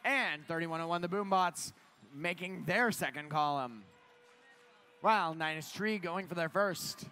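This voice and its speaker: Guy calling a robot match live, high voice, keeps jumping up when stuff happens. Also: a little slow, clean tone. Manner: excited play-by-play, climbs in pitch at big moments. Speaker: match commentator.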